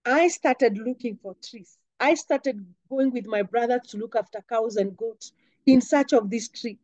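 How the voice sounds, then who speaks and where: High-voiced woman telling her story. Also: a little mellow, no echo, highs cut off. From Kenya. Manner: earnest, heartfelt recounting of a painful memory. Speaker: interview guest. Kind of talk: personal storytelling.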